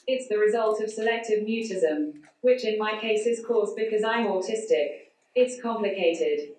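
Flat computer voice of a woman speaker. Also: medium pitch, normal speed. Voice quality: flat synthetic computer voice without intonation. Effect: speech synthesizer. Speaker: conference speaker. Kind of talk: prepared talk read out by text-to-speech. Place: large conference hall. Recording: echoey hall, voice from far off.

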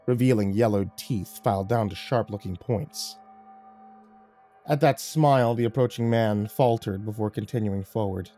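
A man's voice: medium pitch, warm tone. A man reading a horror story aloud in a dramatic storytelling manner. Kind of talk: scripted horror narration. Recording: faint music underneath.

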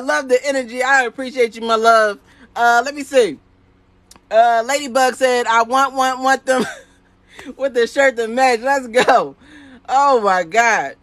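A man with a very high voice hosts a live stream and reads viewer comments out loud. He stays hyped and playful, banters with the people watching, laughs a lot and keeps repeating his catchphrases. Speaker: sock printing business owner.

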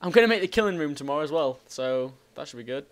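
A man hosting a gaming channel, giving rambling, excitable let's play commentary and exclaiming at the game. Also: on the high side, fast.

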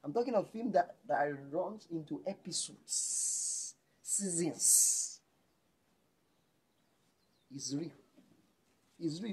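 A man's voice: fairly high pitch, lively intonation, slow pace, pauses often, breathy edge. Emphatic Nigerian male preacher. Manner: emphatic, swings between loud exclamations and hushed lines. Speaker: pastor. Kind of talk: sermon.

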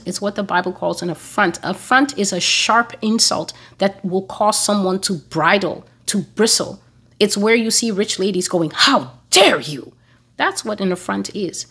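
A woman's voice: mid-range voice, normal speed, a bit bright, slightly rough. A woman preaching an earnest, emphatic sermon, repeating phrases for stress. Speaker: prophecy blog preacher.

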